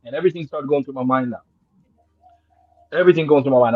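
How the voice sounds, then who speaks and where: Jamaica-raised man, animated storyteller, raised pitch; muffled, dry recording. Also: fast, pauses often, dry recording. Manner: animated, swings from loud excited bursts to low murmurs, laughs often, swears. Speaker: guest. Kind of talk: casual storytelling.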